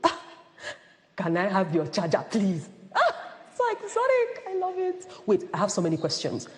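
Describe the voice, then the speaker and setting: A woman's voice: medium pitch, huge pitch swings, moderate pace, in a large hall. A woman voicing a gushing, clueless young woman who asks naive questions in a comedy skit. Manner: squealing, wide-eyed.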